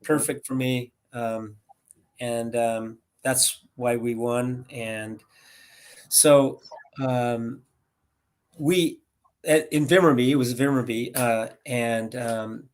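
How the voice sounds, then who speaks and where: An American man in his sixties, a guest rambling through animated anecdotes over a video call. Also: mid-range voice, slow pace. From United States. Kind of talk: casual storytelling interview.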